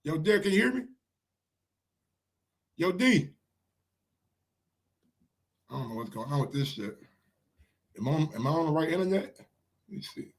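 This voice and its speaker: A man's voice: on the high side, normal speed, long pauses. A man with a New York accent hosting a casual live-stream sports show, ranting and firing rhetorical questions at his viewers. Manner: animated, ranting, asks the chat rhetorical questions.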